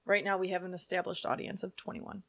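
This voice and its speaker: A woman's voice: fairly low pitch, level tone, quick pace, vocal fry, fairly bright tone. A woman co-hosting a comedy podcast, crude and jokey, laughing often and trying out silly accents. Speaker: podcast co-host. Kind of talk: casual comedic chat.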